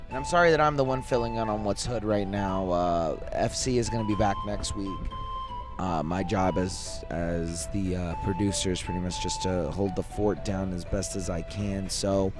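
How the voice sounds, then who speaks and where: A man's voice: sits low, moderate pace. Tired, rambling man with music behind. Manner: rambling, hesitant, many fillers and restarts. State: tired, yawning late at night. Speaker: fill-in podcast host and producer. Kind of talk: casual solo podcast talk.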